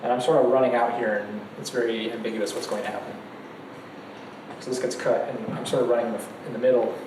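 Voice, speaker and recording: A man's voice: mid-range voice, fairly even intonation, quick pace. A man giving a casual go lecture in a classroom, chatty and laughing between points. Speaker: go teacher. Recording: echoey room, distant mic, noisy.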